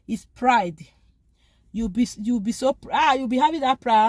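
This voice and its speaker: A woman's voice: a little high, moderate pace, darkish tone, no echo. A woman giving an informal spoken talk urging forgiveness, pleading and emphatic, often repeating phrases. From lives abroad, from back home elsewhere. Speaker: faith vlogger.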